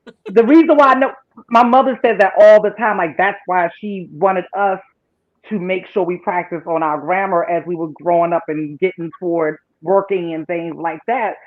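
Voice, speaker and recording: A man co-hosting a casual chat, talking in an animated, insistent way. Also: high voice, moderate pace. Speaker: podcast co-host. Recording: dull lo-fi sound.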